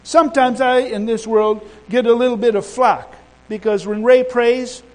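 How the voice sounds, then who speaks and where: A man preaching a sermon in a folksy, rambling way, breaking off and restarting, then building to loud, emphatic declarations. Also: extremely high pitch, steady tone, moderate pace, poor audio. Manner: folksy asides and humor.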